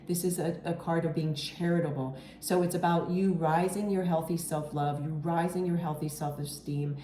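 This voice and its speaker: A woman's voice: low voice, mellow, roomy sound, slight background noise. A woman giving an earnest, reassuring tarot reading, often checking in with "okay?" and getting emotional at times. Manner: emotional, near tears at moments. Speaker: tarot reader.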